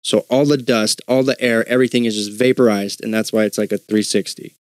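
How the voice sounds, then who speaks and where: A man's voice: on the low side, fairly even intonation, a little fast, darkish tone, no room sound. A man co-hosting a casual podcast, speaking bluntly with casual swearing and playing devil's advocate. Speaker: podcast co-host. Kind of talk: casual chat.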